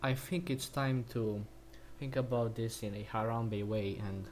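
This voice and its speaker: A man's voice: mid-range voice, fairly even intonation, measured pace, a little mellow, a little hiss or hum. A man ranting in a crude, mocking and rambling way while he comments on a video, often restarting his sentences. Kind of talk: profane reaction rant.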